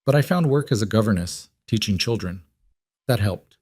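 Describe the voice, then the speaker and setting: Careful, guarded young drifter woman, voiced by a man; low, measured, dry. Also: expressive, darkish tone, breathy edge, no room sound.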